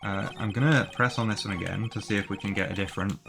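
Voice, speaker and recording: A man's voice: on the low side, fairly even intonation, quick pace, gravelly. A man giving casual, rambling let's-play commentary full of fillers between reading game lines. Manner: rambling, filler-heavy asides. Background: game music.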